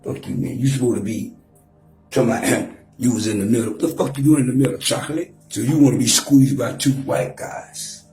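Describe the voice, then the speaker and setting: A man's voice: medium pitch, fairly even intonation, fairly quick, mellow, reverberant, faint music behind. A man in his forties trash-talking and taunting on a profane livestream rant, mock-rapping at times. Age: 40s.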